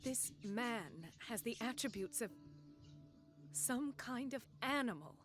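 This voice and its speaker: Soft music plays behind an actress portraying a blunt, principled young doctor in video game dialogue. She speaks slowly, earnestly, and firmly, her voice a little high with lively intonation.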